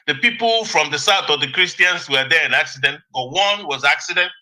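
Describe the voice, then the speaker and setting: A man's voice: a little high, fairly quick, few pauses, sharp tone, low-quality recording. A man giving impassioned political commentary on a radio broadcast, repeating key words for emphasis.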